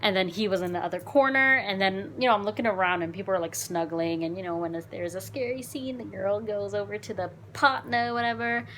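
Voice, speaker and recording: A woman vlogger chatting through a dating story, frank and animated, with plenty of swearing and "like." Her pitch sits in an ordinary middle range, and there is a faint background hum behind her voice. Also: brisk, hardly any pauses. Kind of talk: casual storytime vlog.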